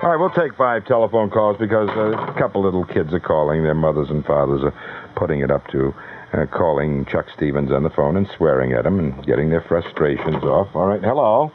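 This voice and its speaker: A man hosting a live radio call-in contest, brisk and wisecracking as he fields callers one after another. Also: extremely low pitch, lively intonation. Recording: tinny, narrowband old radio broadcast.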